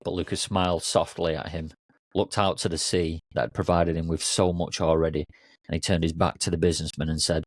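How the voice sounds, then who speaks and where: A man coach telling a story in a relaxed, loose way with occasional fillers. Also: low voice, fairly quick, no room sound. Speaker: coach and podcast host. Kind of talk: casual storytelling.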